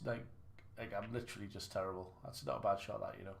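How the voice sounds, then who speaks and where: A man livestreams a snooker game, chatting casually and poking fun at his own play with rambling restarts. His voice is on the low side with fairly even intonation, and he talks fast with some vocal fry.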